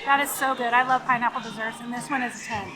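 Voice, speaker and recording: A woman's voice: fairly high pitch, steady tone, quick pace, over music. A woman vlogging casually from a shop, chatting and gushing about the clothes she finds. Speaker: theme park vlogger. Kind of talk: casual shopping vlog.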